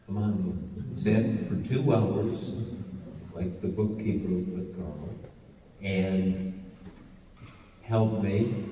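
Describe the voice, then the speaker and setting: A man's voice: on the low side, dark tone, distant mic, a little hiss or hum. An older man, a journalist, telling a story with dry humor at a live public talk. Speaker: journalist and panel speaker. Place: event hall with audience. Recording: echoey hall recording from afar.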